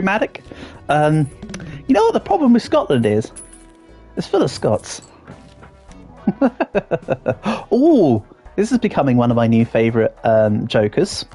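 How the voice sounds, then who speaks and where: Posh-ish english guy chatting on stream, bouncy voice, lots of ums, quiet game music behind. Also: on the high side. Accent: English, fairly posh southern English. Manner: chatty, playful, trailing off with ums and restarts. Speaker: livestreamer reading chat. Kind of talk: casual livestream chat while gaming.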